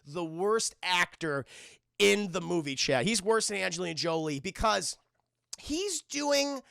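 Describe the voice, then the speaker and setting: A man streaming a casual film review, animated and profane, constantly talking to his chat. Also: high-pitched, moderate pace, gravelly, no echo, studio quality.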